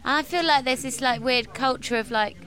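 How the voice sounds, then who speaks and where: Bright-voiced London woman, chatty and laughing. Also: high voice, brisk. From England. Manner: chatty storyteller, laughs often, swears freely. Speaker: guest. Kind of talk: casual chat. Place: walking tour outdoors in the East End.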